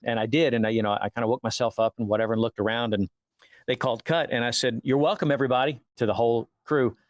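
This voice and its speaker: A mid-range male voice, quick in delivery, belongs to an actor sharing stories as an interview guest. He animatedly performs the quoted conversations, and there's no room sound in the clip.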